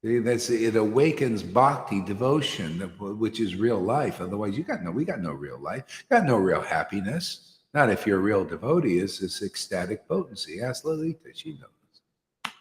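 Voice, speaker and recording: A spiritual teacher with a lowish voice gives an informal devotional talk to a small group, his pitch swinging widely at a normal speed. He's earnest and slangy, dropping "you know" and "man" throughout. The recording carries a roomy hall echo.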